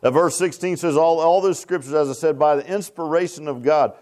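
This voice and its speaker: A man's voice: fairly high pitch, fairly quick, few pauses, a little mellow. A man preaching a sermon in a folksy, repetitive way that rises to emphatic bursts. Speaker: pastor.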